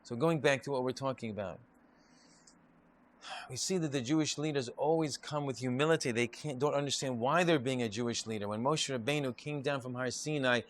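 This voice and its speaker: Man teaching Torah in loose talk. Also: medium pitch. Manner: repetitive, restarts often, lively storytelling. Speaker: rabbi. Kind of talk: informal Torah class.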